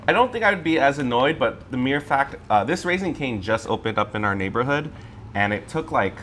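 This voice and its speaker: A man's voice: medium pitch, fairly quick, slight background noise. A man co-hosting a casual mukbang chat at home, sassy and complaining as he eats. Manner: sassy, animated, complaining while eating. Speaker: co-host.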